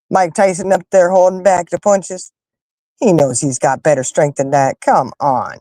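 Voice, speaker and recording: A woman hosting a casual chat with her viewers, telling stories in an animated, emphatic way and fussing loudly when annoyed. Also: deep voice, moderate pace, no room sound. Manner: animated, emphatic storyteller who rants and fusses. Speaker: livestream host chatting with viewers.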